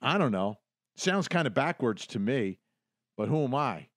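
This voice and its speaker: A man's voice: medium pitch, big pitch swings, normal speed, fairly bright tone, dry recording, clean studio sound. A man from the United States hosting a legal commentary show, emphatic and repeating phrases to drive his points home. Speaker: host.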